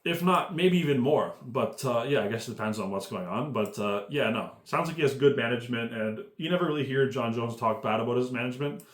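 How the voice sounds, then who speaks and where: A man's voice: medium pitch, lively intonation, brisk, few pauses. Rambling, cursing man ranting with echo. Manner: rambling, profane, heavy on "like" and "uh" fillers. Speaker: MMA commentary YouTuber. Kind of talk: casual rant commentary.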